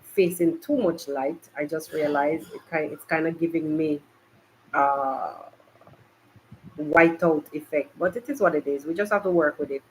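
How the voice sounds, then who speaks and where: Speaking at a measured pace in a mid-range voice, a Jamaican podcast host chats loosely and directly with live-stream viewers. It's recorded on a laptop in a makeshift home studio that's hot and bright, and the low-quality audio has slight background noise.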